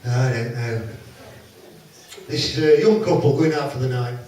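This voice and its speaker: A man telling quick jokes to a hotel crowd, teasing and chatting with the audience. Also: medium pitch, very noisy. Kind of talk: live stand-up joke telling to a crowd. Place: hotel function room with a laughing audience. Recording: echoey hall from far off with crowd laughter.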